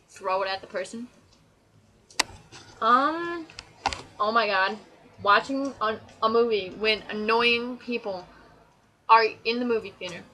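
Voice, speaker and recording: Bright-voiced teenage girl ranting. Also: a little high, poor audio. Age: teens. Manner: chatty, exasperated, sarcastic. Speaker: vlogger. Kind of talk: casual ranting list.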